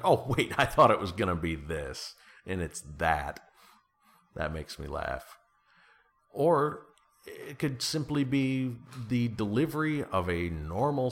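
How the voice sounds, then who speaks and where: A man's voice: sits low, a bit bright. A man talking as an author guest in a casual interview, playful, laughing often and slipping into comic voices.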